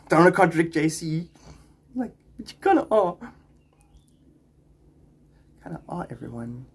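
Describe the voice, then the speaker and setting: Animated husky man rambling on stream. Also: a little high, unhurried, long pauses. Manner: rambling, spiritual musings, frequent laughs. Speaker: live streamer. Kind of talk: live stream chat reading comments.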